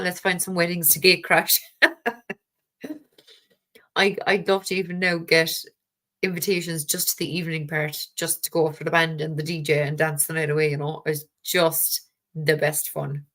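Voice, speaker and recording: A woman's voice: lowish voice, a bit bright. An Irish woman hosting a tarot live stream, chatting casually and rambling with frequent fillers and the odd casual swear word. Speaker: tarot livestream host.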